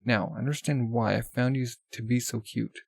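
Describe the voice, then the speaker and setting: A man reading the lines of a cold, possessive male president from a comic, in a flat read-aloud manner. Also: mid-range voice, normal speed, gravelly, dry recording.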